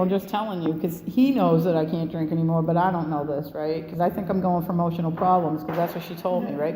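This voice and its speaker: Her voice sits on the low side and is a little mellow as this roughly sixty-year-old woman speaks at a recovery meeting. Telling her story to a live crowd, she is blunt and profane and laughs between lines, while the hall echoes with long reverb and a faint hum.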